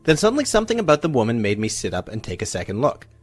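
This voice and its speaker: A man, a relationship coach, narrating a scripted first-person story in an animated, confiding way. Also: mid-range voice, very fast, slightly rough, soft background music.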